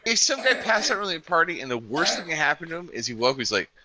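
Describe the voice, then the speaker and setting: A man co-hosting a casual podcast, reacting with quick quips and comments. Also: fairly high pitch, big pitch swings, a crowd in the background. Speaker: podcast co-host. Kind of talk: casual chat.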